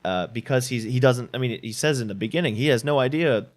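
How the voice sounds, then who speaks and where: A man co-hosting a casual film debate, speaking in a halting, thoughtful way as he searches for his words. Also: medium pitch. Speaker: podcast co-host.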